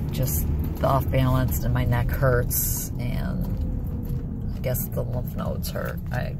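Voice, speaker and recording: A woman's voice: very deep voice, very noisy. A middle-aged woman talking candidly into her phone in a casual personal vlog, rambling and a little self-pitying. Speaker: vlogger.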